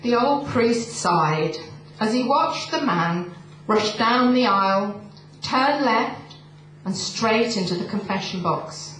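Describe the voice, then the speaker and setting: Slow-spoken woman telling stories in a hall. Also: fairly high pitch, animated, fairly bright tone, a little hiss or hum. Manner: slow and deliberate, with frequent ums. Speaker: storyteller. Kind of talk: live storytelling to an audience. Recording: echoey hall, distant mic, crowd murmur.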